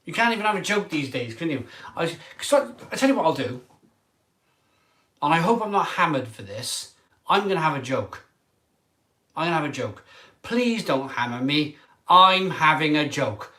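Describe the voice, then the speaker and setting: A man in an emotional vlog monologue as a craft beer reviewer. He sounds tearful and halting, and often trails off mid-sentence. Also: on the high side, very animated, bright, forceful tone.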